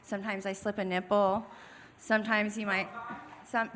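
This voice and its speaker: A woman's voice: medium pitch, little pitch movement, normal speed, a bit bright, slight background noise. A young woman doing raunchy stand-up on a comedy club stage, brash and profane, acting out the people in her story.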